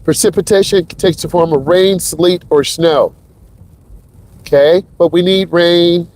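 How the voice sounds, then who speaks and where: A man with a high, steady voice talks a little slowly and sounds slightly mellow. He's a driving instructor behind the wheel, delivering hyped live lesson commentary aimed straight at his viewers.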